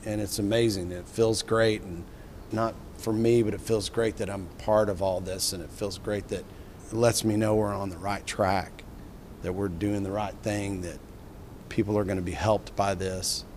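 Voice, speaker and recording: A middle-aged filmmaker telling an enthusiastic, rambling story in an interview, with frequent restarts. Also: male voice, on the low side, steady tone, moderate pace, a little mellow, a little hiss or hum.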